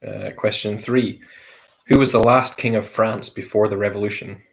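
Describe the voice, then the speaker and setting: A man with a slightly low voice hosts a casual quiz among friends. He reads each question at an easy pace and repeats it, with the odd light chuckle. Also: fairly even intonation, moderate pace, creaky. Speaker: quiz host.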